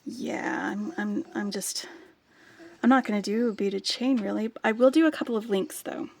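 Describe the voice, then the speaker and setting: A woman vlogger talking casually through a jewelry-making project, soft-spoken and often dropping to a whisper as she works. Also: medium pitch, normal speed, creaky, a little hiss or hum. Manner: sings playfully to her dog. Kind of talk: casual crafting talk while working.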